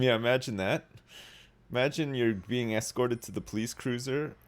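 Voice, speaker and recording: A man's voice: medium pitch, normal speed. A man live-streaming a game, chatting casually in a joking, rambling way.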